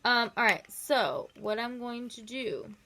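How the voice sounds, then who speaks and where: A woman's voice: on the high side, bright, forceful tone, slight background noise. A young woman vlogger chatting casually and rambling through a story while doing her makeup. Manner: rambling, filler-heavy, quick asides.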